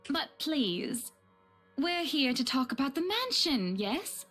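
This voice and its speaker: A woman's voice: high voice, big pitch swings, slow pace, a bit bright, faint music behind, full character voice. Pompous rich lady. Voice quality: pompous, fussy, says "dear". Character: pompous wealthy woman buying a mansion. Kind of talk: voiced game dialogue.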